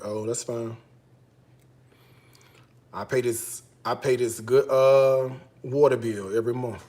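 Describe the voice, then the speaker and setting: A man's voice: mid-range voice, steady tone, slow, pauses often, a little mellow, reverberant. A man from Chicago hosting a casual cooking show, chatting straight to his viewers in a playful, teasing way.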